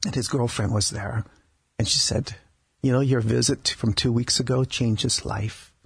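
Husky, gravelly-voiced man telling stories. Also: mid-range voice, fairly even intonation, dry recording. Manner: halting, with many restarts and repeated words. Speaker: palliative care doctor, guest. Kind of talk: conversational storytelling interview. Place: radio studio.

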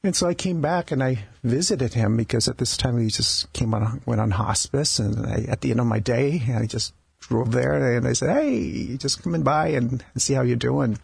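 A man with a very husky, gravelly voice tells stories about his patients in a radio studio. He stumbles and restarts often and repeats words as he goes. The sound is dry and close, with no room around it. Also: medium pitch, moderate pace, no echo. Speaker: palliative care doctor, guest. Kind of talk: conversational storytelling interview.

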